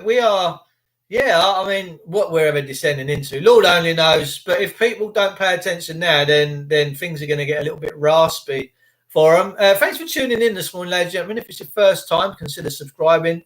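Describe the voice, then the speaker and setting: A man's voice: sits high, normal speed. A middle-aged man hosting a casual live stream, reacting to footage with sarcasm and chatting to viewers. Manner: excitable, sarcastic, addresses viewers as mate. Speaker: livestream host.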